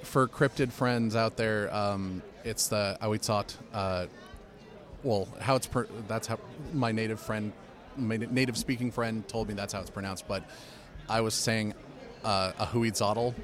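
A man's voice: fairly low pitch, fairly even intonation, measured pace, a crowd in the background. A man guest in a casual chat, easygoing and rambling with lots of fillers. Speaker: guest writer.

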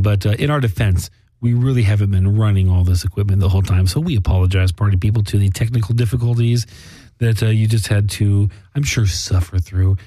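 A man's voice: fairly low pitch, mellow, no echo. Joking male podcast co-host. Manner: joking, loose, swearing. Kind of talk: casual chat.

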